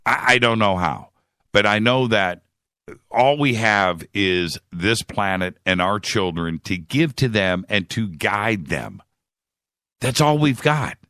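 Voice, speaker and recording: A man hosting a radio show, speaking in a heartfelt, halting way with frequent restarts. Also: on the low side, bright, forceful tone, dry recording, studio quality. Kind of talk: heartfelt monologue.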